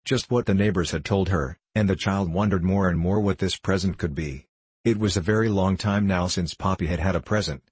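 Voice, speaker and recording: A man narrating an old-fashioned children's story in a measured, gentle way. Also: sits low, husky, dry recording. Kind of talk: storybook reading.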